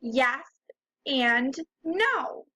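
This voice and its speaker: Bright, high-voiced woman teacher, slow and patient. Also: animated. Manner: patient, encouraging, sounds out letters one by one. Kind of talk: slow, clearly articulated reading lesson for young children.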